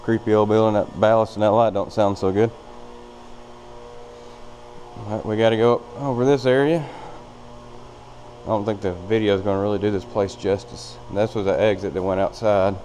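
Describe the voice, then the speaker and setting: A man with a deep, low voice walks a handheld camera through a big empty factory. His talk is casual and plainspoken and rambles along with fillers. A faint hum sits under his voice. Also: steady tone, normal speed, pauses often, darkish tone. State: out of breath. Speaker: vlogger touring a building. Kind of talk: casual walkthrough narration. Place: large empty old factory, indoors.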